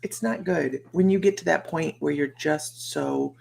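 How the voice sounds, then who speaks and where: A middle-aged American woman with a deep voice and vocal fry hosts a psychic livestream, speaking slowly. She chats casually and ramblingly, greeting viewers by name.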